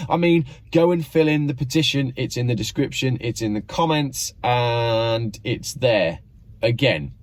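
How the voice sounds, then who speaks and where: A man's voice: mid-range voice, expressive, a little slow. A man hosting his own channel, giving sarcastic, mock-exasperated commentary. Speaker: channel host.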